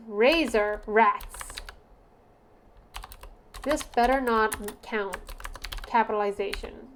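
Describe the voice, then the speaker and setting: A woman streamer with a slightly high-pitched voice talks casually through games. She reads game text aloud and bursts into animated, disbelieving exclamations and curses. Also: measured pace, a little hiss or hum. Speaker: streamer playing game jam entries. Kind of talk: casual live-stream commentary.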